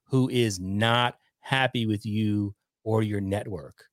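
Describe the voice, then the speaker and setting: A man's voice: on the low side, fairly even intonation, takes it slowly, dry recording, studio quality. A man hosting a live stream, teasing his guest with wry, accusing questions. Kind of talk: casual live-stream chat.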